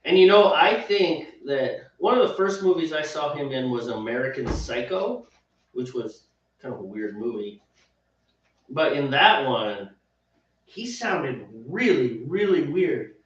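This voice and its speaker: A man's voice: fairly high pitch, expressive, unhurried. A man co-hosting a home brewing show, chatting casually and rambling with jokes. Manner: rambling, joking, sings a line playfully. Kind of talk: casual chat. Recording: echoey room, dull lo-fi sound from a distance.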